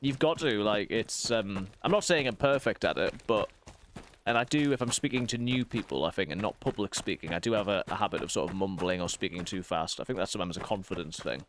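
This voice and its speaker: A man in his thirties with a softened northeast English accent, chatting casually while streaming a game and rambling through quick asides. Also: lowish voice, lively intonation, a little hiss or hum. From northeast England. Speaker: streamer and vicar. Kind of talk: casual gaming stream chat.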